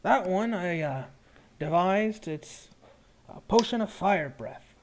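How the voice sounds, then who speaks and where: A man's voice: high-pitched, lively intonation, slow pace, background noise, pitched above the performer's own voice, full character voice. A man voicing a shrewd male potion brewer who sells his wares and haggles politely but firmly. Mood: boastful. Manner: bargaining, polite but firm.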